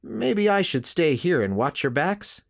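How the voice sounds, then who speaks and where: A man's voice: on the high side, sing-song, unhurried, vocal fry, pitched above the performer's own voice, full character voice. A man voicing a nervous, cowardly male henchman who speaks in a timid, pleading way in an audiobook.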